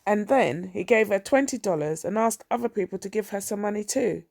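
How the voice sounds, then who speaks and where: A woman's voice: medium pitch, lively intonation, fairly quick, creaky, a little mellow, dry recording. A woman voicing a blunt, firm bank officer.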